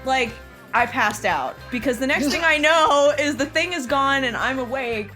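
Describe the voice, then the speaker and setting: A young adult woman hosting a podcast, telling a story in casual chat, animated, laughing and swearing as she acts out quotes. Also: sits high, moderate pace, soft background music. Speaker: podcast host.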